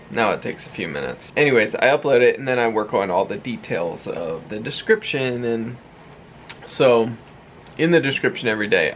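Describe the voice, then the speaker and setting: A man's voice: mid-range voice, fairly bright tone, slight background noise. A man in his thirties talking casually to the camera in his home office, chatty and laughing often. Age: 30s. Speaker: vlogger. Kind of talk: casual vlog talk. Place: home, third-floor office. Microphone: handheld camera.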